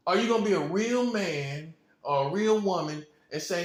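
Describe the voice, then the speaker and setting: A man's voice: sits high, expressive, a little fast, hardly any pauses, echoey room. A man giving an informal preaching monologue, blunt and repetitive, with slang and chuckles. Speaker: self-styled prophet.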